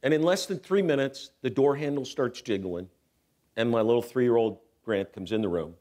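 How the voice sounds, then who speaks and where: In a church hall, a middle-aged guest speaker at a spiritual center shares something from his own life through a handheld mic. He acts out voices and keeps things lively and self-deprecating. His pitch is medium and his pace moderate.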